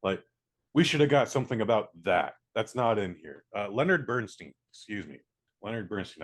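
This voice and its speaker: A man giving a casual spoken movie review, blunt and profane, acting out scenes in quick little voices. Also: mid-range voice. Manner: blunt, profane, animated, mimics characters.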